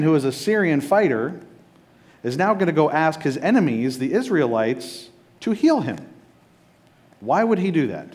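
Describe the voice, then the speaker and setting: A man's voice: mid-range voice, a little mellow. Casual joking male pastor. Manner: casual and joking, often checks in with "right?". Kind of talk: sermon.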